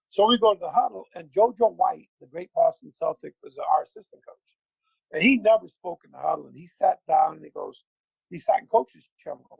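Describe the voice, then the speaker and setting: A middle-aged man spins a basketball story, acting out every quote with gusto. His voice sits high and runs gravelly and husky. The sound is dry and close. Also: no echo, rough recording. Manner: lively anecdote teller, acts out quotes. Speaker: guest, former pro basketball player. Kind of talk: animated storytelling.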